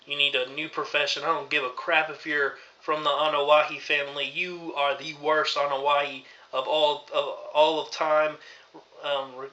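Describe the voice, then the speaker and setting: A man's voice: a little high, little pitch movement, measured pace, bright, forceful tone. A man recapping a wrestling show in an exasperated, rambling rant full of fillers. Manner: exasperated ranting, filler-heavy. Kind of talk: ranting recap vlog. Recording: dull lo-fi recording.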